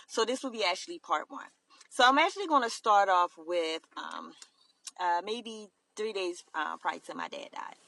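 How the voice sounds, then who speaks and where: A woman telling her own story to camera, earnest and halting, with many fillers and restarts. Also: medium pitch, expressive, creaky, bright, forceful tone, no echo. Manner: earnest, emotional confiding. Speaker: vlogger.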